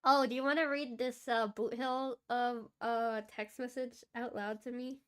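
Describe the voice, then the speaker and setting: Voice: medium pitch, fairly even intonation, unhurried, a bit bright, smooth. A VTuber chatting casually on a game stream, playful and giggly, laughing often between remarks.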